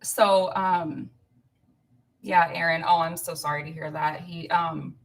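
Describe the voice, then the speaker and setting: A woman's voice: on the low side, steady tone, slow. A woman in her thirties, from Illinois, filling in as host of a casual live stream, chatting and rambling to viewers with frequent laughs. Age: 30s. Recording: voice a bit far from the mic.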